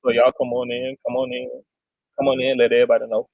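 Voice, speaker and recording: A man doing an impression of a male bishop who slowly welcomes viewers to his livestream. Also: mid-range voice, completely flat delivery, dry recording, narrow, tinny audio, pitched below the performer's own voice, natural voice. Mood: welcoming.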